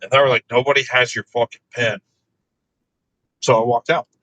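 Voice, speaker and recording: A man telling crude work stories in casual chat, laughing often and delivering his own quoted replies deadpan. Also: medium pitch, moderate pace, no echo, dull audio.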